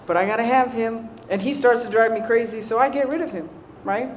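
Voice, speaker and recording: A woman's voice: fairly high pitch, fairly quick, slight background noise. A woman with a Southern American accent tells a personal recovery story to a live audience, self-mocking and conversational, often checking in with "right?". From Southern United States. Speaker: recovery speaker.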